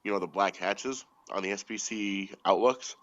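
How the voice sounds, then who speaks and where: Lowish guy voice, dry teasing comments, kinda dull lo-fi sound with no room echo. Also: moderate pace, a bit bright. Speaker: podcast co-host. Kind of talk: casual chat.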